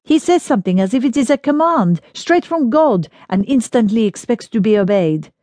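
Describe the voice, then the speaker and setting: Brief: woman voicing bold flirtatious Frenchwoman, lilting French accent, high bright delivery, blunt and teasing. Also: lively intonation, normal speed, no echo, close to an everyday voice. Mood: indignant. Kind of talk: audiobook character reading.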